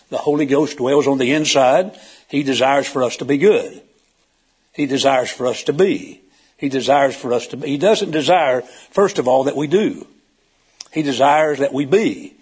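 A man preaching a sermon in a folksy way, telling a joke and asking the congregation questions, swinging from loud emphatic peaks to low quiet asides. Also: normal speed, husky. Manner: folksy, tells jokes and animal stories, asks the congregation questions.

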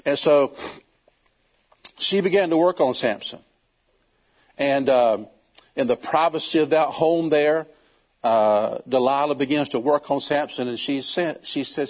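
A man preaching, telling a Bible story in a folksy, animated way and acting out the characters. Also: medium pitch, unhurried, long pauses. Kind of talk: storytelling sermon.

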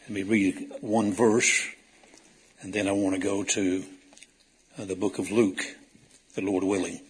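Guy giving a sermon, raspy husky voice, chatty story style w/ loud emphatic bits. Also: low voice, little pitch movement, a little slow. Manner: folksy storytelling, rising to emphatic calls. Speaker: preacher.

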